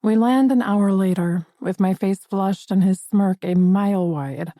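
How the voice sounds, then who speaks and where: A woman's voice: medium pitch, measured pace, dry recording, studio quality. Woman narrating a romance audiobook. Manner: intimate expressive storytelling.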